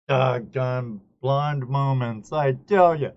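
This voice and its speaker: A man's voice: medium pitch, steady tone, takes it slowly, creaky, few pauses, lo-fi sound. A man from the northern United States hosting a casual live video-call hangout, chatty and joking at his own expense. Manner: folksy, chatty, self-joking. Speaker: host. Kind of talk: casual live-stream chat.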